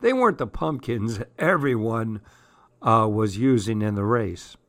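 A man playing a playful father with a sly, teasing grin in his voice, speaking slowly in a storybook reading. The sound is close and dry. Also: lowish voice, animated, fairly bright tone, dry recording. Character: playful father planning a scare.

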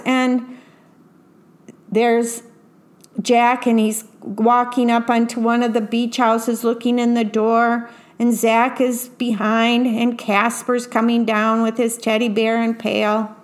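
Slow, gentle woman reading a storybook. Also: a little high, little pitch movement. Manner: gentle, unhurried, pointing out pictures. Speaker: storyteller reading a picture book aloud. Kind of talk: read-aloud storytelling with picture commentary.

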